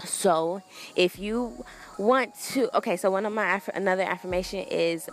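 Young woman, solo podcast host, casual earnest talk, lots of ums and restarts, medium pitch. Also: moderate pace, slight background noise. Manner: rambling, earnest, full of fillers and restarts.

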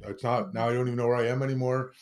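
A man's voice: mid-range voice, steady tone, racing, a little mellow. A man from Canada co-hosting a podcast, bantering in a joking, self-mocking way. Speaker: podcast co-host.

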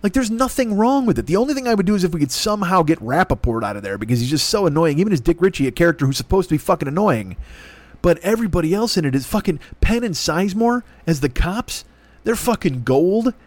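A man's voice: high-pitched, lively intonation, fast, no room sound. A middle-aged man hosting a show, ranting and rambling in a profane comic monologue, often swearing and mocking other voices. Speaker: podcast host.

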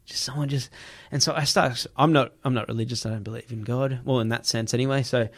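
A man telling a personal story in casual chat, animated, laughing and swearing freely. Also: medium pitch, fast talker.

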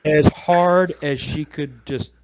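A man's voice: on the high side, steady tone, slow pace, noisy background. A middle-aged man, a podcast guest, telling a long story in casual chat and acting out the people in it with quoted voices.

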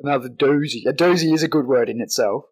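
A man's voice: medium pitch, fast, breathy edge. A young Australian man co-hosting a podcast, chatting casually with plenty of swearing and laughter. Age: young adult. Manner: crude, laughing, swears a lot. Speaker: podcast co-host. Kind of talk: casual banter.

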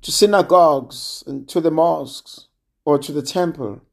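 A preacher giving a sermon in a measured, gently emphatic way, pausing often. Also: medium pitch, creaky. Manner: slow, measured, with gentle emphasis and long pauses.

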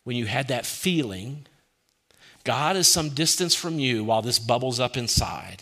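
Male pastor delivering a sermon; bright, forward tone, mid pitch, heavy use of rhetorical questions and hushed quotes. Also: expressive, unhurried. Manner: asks many rhetorical questions, drops soft and quiet for quoted lines.

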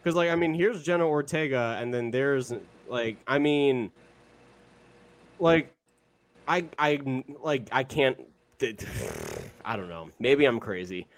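A man's voice: medium pitch, very animated, slow, a little hiss or hum. Young man rambling in casual podcast chat. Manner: rambling, with lots of fillers and swearing. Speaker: podcast co-host.

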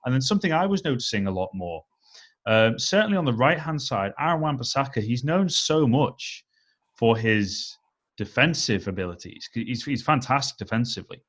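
Measured man talking football. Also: medium pitch, lively intonation, fairly bright tone. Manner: measured, analytical, leans on "I think" and "um". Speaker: podcast co-host. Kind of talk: casual football chat.

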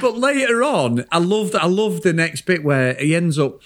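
A man's voice: high voice, normal speed. A British man co-hosting a casual film review chat, telling stories animatedly and swearing freely. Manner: animated, laughing storyteller who swears freely. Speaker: podcast co-host.

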